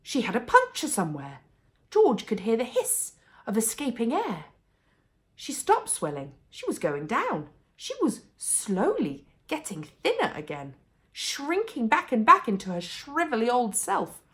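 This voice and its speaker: A woman reading a children's book aloud as a bedtime story, with expressive, animated storytelling. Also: on the high side, a little slow.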